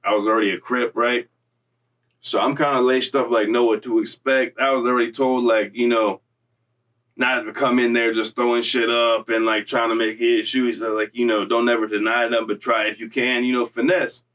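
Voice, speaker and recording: A man's voice: medium pitch, normal speed, far from the mic. Streetwise man telling a story, slightly off-mic. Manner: streetwise slang, animated retelling with quoted voices. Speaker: storyteller recounting prison time. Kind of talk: casual storytelling.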